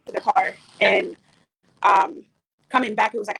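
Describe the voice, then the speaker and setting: A young woman from South Sudan with a South Sudanese accent, earnestly telling a personal story with hesitant pauses and fillers. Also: mid-range voice, steady tone, vocal fry, fairly bright tone, slightly rough. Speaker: panel speaker.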